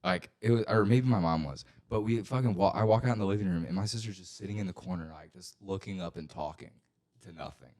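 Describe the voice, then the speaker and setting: Young male podcast co-host, deep voice, rambling profane storyteller, gets loud when excited. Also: fast talker. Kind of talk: casual storytelling chat.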